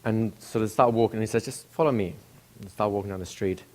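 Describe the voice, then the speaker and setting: A man's voice: lowish voice, flat delivery, quick pace. A man telling a story in a casual, conversational way, with restarts and asides to the listener.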